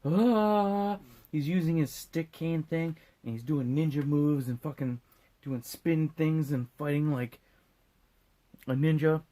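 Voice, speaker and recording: A man's voice: fairly high pitch, fairly even intonation, a little slow, mellow. Drunk man rambling through a movie recap. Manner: rambling, profane, jokey. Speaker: host.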